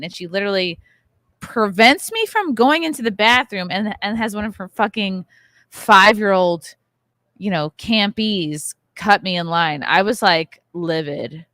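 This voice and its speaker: A woman in her thirties hosts a casual podcast chat and rants through her story with plenty of swearing. Her voice is bright and sharp, and the sound is close and dry with no room echo. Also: mid-range voice, normal speed. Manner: profane, ranting storyteller. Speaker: podcast host. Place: hotel bar.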